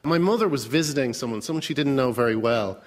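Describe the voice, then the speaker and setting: Brief: male comedy panelist, mid-pitched, dry hesitant storyteller. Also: expressive, fast talker. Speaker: panel guest. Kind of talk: comedic anecdote telling.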